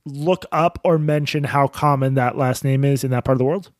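A man's voice: mid-range voice, normal speed, no echo. A man co-hosting a podcast, asking skeptical questions and cracking jokes on a close mic. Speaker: podcast co-host. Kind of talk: casual chat.

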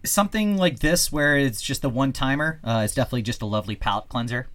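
A man co-hosting a podcast, bantering casually and profanely about music. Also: medium pitch. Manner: lively, profane, quick banter. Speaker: podcast co-host. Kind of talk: casual music review chat.

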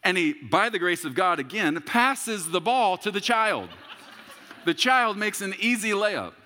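Male pastor, 30s, sermon, animated pitch, reverberant church hall. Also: measured pace. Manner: storytelling with humor and sudden loud shouts.

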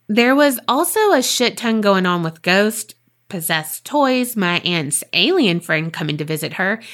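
A woman co-hosting a podcast, reading a listener's ghost story aloud and then chatting in a lively, swearing, laughing way. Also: mid-range voice. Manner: animated, swears freely, laughs often. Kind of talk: casual chat and reading aloud.

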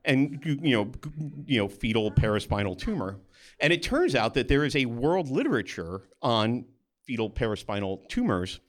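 A man recounts a personal story with a pitch that leaps and swings, his voice sitting in a middle register. He talks in a loose, conversational way, with small restarts, and briefly acts out the people he quotes. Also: big pitch swings, moderate pace. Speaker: storyteller, pediatric oncologist. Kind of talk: first-person stage storytelling.

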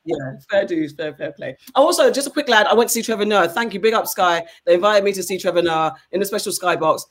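A woman in her forties from England, hosting a podcast in casual chat, blunt and animated, swearing freely as she tells stories. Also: mid-range voice, fast talker. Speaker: podcast host.

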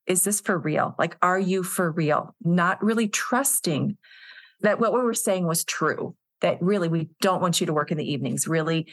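A woman with a somewhat low voice speaks as a podcast guest, earnest and conversational as she tells stories about her staff. The sound is dry and close, with no room around her. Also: no echo. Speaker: executive director, podcast guest. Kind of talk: casual interview conversation.

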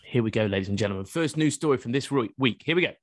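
A man's voice: mid-range voice, very fast, no echo. Guy hosting a pod, bouncy voice all over the place, reads the news and cracks up. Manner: animated, reads news stories aloud with laughs. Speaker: podcast host. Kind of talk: casual podcast chat.

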